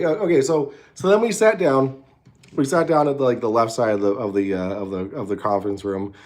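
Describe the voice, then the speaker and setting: A man's voice: mid-range voice, darkish tone. A man hosting a casual late-night livestream from a hotel room, rambling and swearing with many restarts. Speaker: show host.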